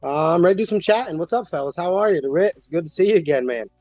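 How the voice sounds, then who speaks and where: A man's voice: high-pitched, animated, very fast, darkish tone, no echo, faint music behind. A man who is a professional wrestler, chatting as a guest in a loose, rambling way, a little out of breath. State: slightly out of breath. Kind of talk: casual chat on a stream. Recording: dull lo-fi sound.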